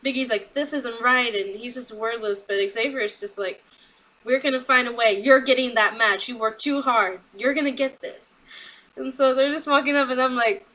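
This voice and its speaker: A young woman recapping a wrestling show in a casual vlog, chatty and excitable, quoting people in quick asides. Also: fairly high pitch, poor audio.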